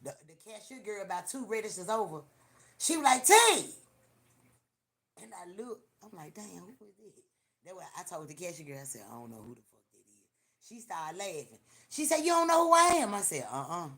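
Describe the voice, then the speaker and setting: Woman, livestream host, casual storytelling, profane, animated, repeats herself. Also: lowish voice, fairly quick, creaky. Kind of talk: casual storytelling to a live audience.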